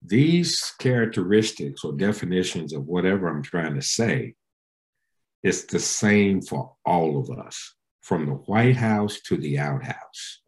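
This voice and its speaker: Emphatic preacherly man, lively pitch. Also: measured pace. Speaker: pastor and interview guest. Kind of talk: conversational interview answer.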